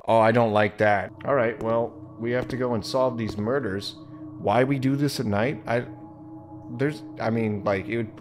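A man hosting a let's-play video, giving joking, sarcastic commentary as he plays. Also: medium pitch. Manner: animated, joking, sarcastic asides. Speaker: gaming video host.

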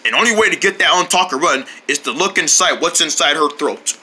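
Man doing a cartoon doctor, low, quiet, slow and mumbling. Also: expressive, slight background noise. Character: calm low-voiced male doctor.

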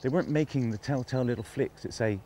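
A man's voice: medium pitch, quick pace, mellow, slight background noise. A man presenting a fishing show outdoors on a riverbank, talking with admiring enthusiasm, half to himself. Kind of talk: casual outdoor presenting to camera.

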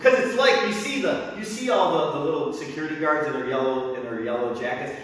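Animated preacher man in an echoey hall. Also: a little high, fast talker. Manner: animated, acts out chanting crowds and drill sergeants with sudden shouts. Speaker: pastor. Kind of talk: sermon. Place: church sanctuary. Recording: echoey hall, mic from a distance.

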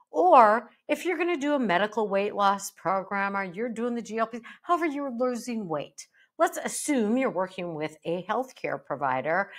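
A middle-aged woman hosting a solo podcast, speaking emphatically with a playful, animated delivery. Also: fairly high pitch. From United States. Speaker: podcast host and bariatric psychologist.

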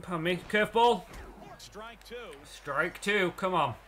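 A young man commenting live on the baseball game he is playing, excitable and often breaking into shouts. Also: high voice, unhurried. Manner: excitable, swings into shouting at plays. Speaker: let's play gamer.

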